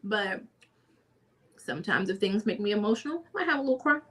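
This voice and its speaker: A woman's voice: medium pitch, lively intonation, brisk, fairly bright tone, husky. A woman co-hosting a podcast, chatting casually and candidly with slang, laughing often. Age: adult with a daughter. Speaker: podcast co-host. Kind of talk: casual chat.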